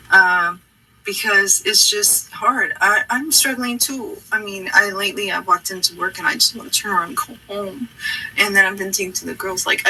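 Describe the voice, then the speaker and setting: A woman's voice: medium pitch, normal speed, pushed and bright, slightly rough, low-quality recording. A woman hosting her own channel, chatting casually and earnestly to her viewers in a rambling, reassuring way. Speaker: channel host. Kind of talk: casual heartfelt chat to viewers.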